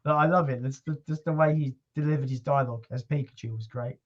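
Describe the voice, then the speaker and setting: A man hosting a casual livestream chat, relaxed and chatty, with casual swearing. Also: mid-range voice, fast talker, highs cut off, a little hiss or hum. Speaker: livestream host.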